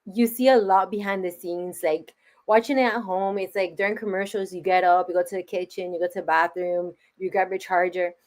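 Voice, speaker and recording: A woman's voice: on the low side, fairly even intonation, brisk. A woman being interviewed as a guest, talking casually and eagerly, laughing often and filling with "like". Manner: enthusiastic, laughs often, fills with "like". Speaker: interview guest, wrestling fan.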